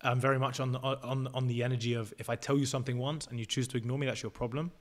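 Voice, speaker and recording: A man's voice: mid-range voice, little pitch movement, rapid-fire. A 22-year-old man, a podcast guest who lays out his views step by step in a casual, assertive way and swears freely.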